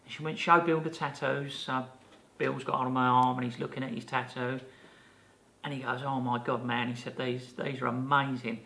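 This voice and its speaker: A man in his fifties, a podcast co-host, telling a lively anecdote in casual chat and acting out the people he quotes. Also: medium pitch, normal speed, vocal fry.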